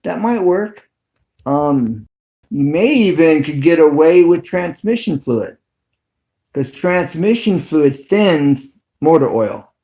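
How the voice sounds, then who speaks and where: A man's voice: a little high, lively intonation, slow pace, mellow. Rambling middle-aged man chatting casually. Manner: rambling, chatty, with frequent ums. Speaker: video host. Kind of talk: casual livestream chat.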